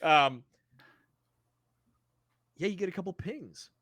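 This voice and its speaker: A man's voice: high voice, expressive, slow, a bit bright, dry recording. A man narrating as game master of a tabletop game, in a casual, chatty way with plenty of fillers.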